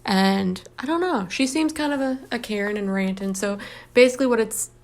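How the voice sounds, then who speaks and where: A woman's voice: a little high, moderate pace. Blunt sarcastic woman reacting casually. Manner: blunt, sarcastic, lots of ums. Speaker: vlog host reading Reddit posts. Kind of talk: casual commentary. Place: home, planes heard outside.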